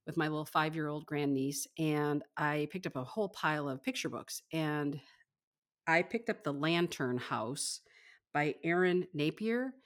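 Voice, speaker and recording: A woman's voice: low voice, a little slow. A woman co-hosting a casual book chat, effusive and rambling, laughing often. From Michigan, US. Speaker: podcast co-host.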